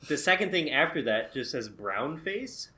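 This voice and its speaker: A man's voice: a little high, sing-song, normal speed, crowd noise. A young man co-hosting a casual movie review chat, often hesitating with "um" and grumbling dryly. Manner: hesitant, many "um"s, dry complaints. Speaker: podcast co-host.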